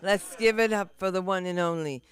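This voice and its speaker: Male emcee, high and crisp, slow hype delivery, off-mic. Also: a bit bright. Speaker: show host. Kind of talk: hyping up the crowd. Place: comedy club stage.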